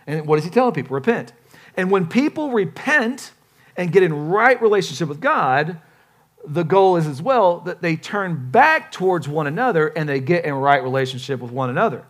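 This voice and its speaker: A man preaching a sermon as pastor, casual and joking, with lively emphasis. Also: fairly high pitch, moderate pace.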